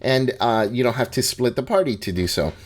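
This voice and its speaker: A man's voice: medium pitch, a little fast. A man casually talking through a tabletop game guide, conversational with frequent restarts and asides. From Hispanic background. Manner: conversational, restarts and hedging asides, laughs at himself.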